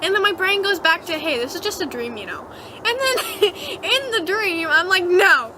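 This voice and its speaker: A woman's voice: very high voice, noisy background. A teenage girl vlogger animatedly retelling a dream to camera, giggling often. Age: teens. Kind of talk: casual storytelling to camera.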